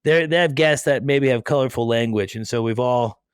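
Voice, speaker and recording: A man's voice: mid-range voice, normal speed, smooth, dry recording, clean studio sound. A man hosting a podcast, chatting casually in a rambling, self-deprecating way. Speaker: podcast host. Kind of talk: casual interview chat.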